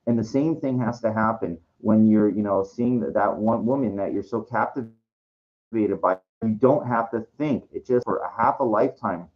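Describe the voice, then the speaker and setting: A man's voice: lowish voice, moderate pace, muffled recording. A man rambling in a frustrated monologue vlog, repeating himself and restarting his sentences. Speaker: vlogger.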